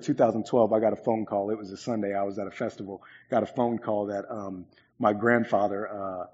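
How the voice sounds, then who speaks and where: A pastor in his twenties preaches a sermon in a fairly low, slightly mellow voice with a breathy edge. He tells stories earnestly and conversationally, filling them with frequent "um"s. The recording has an echoey hall sound and a dull, lo-fi quality.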